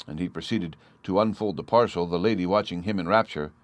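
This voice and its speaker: A man narrating an audiobook in an even, measured storytelling manner. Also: low voice, no echo, studio quality. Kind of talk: scripted narration.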